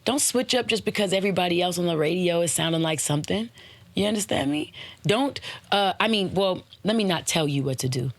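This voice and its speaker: Lively woman podcast host, dry close sound. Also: lowish voice, a little fast, no room sound. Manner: animated, drops into playful voices for examples. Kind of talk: casual motivational talk.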